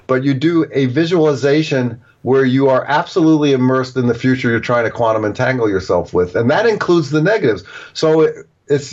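A man's voice: mid-range voice, animated, fairly quick, darkish tone. A man being interviewed as an author, explaining at length and acting out little example quotes as he goes. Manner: digressive, explaining with acted-out examples. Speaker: author and guest. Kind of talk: casual interview talk. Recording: dull lo-fi audio.

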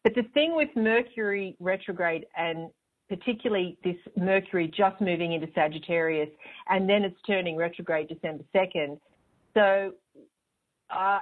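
A woman hosting an astrology show, explaining in a chatty, rambling way with a smile in her voice. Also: on the low side. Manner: chatty, rambling, with fillers and restarts; smiling as she talks. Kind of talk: casual spoken explanation. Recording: tinny phone-line sound.

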